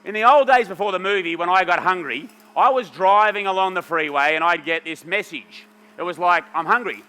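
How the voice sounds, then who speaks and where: A man's voice: high-pitched, fairly quick, sharp tone, clean tone. A middle-aged man giving a playful live juicing demo, joking with the audience and directing volunteer helpers. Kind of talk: lively stage talk with audience helpers. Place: large hall with an audience. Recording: reverberant hall.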